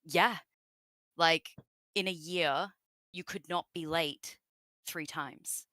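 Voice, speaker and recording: Bright chatty Australian woman. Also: sits low, slow, dry recording. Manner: chatty and rambling, with many fillers and asides. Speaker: voice actress guest. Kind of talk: casual interview chat.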